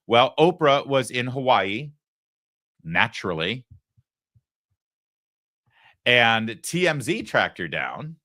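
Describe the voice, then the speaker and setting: A man's voice: mid-range voice, very animated, slow pace, pauses often, pushed and bright, dry recording. A man hosting a political talk show, talking with sarcastic, mocking asides from a studio. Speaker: host.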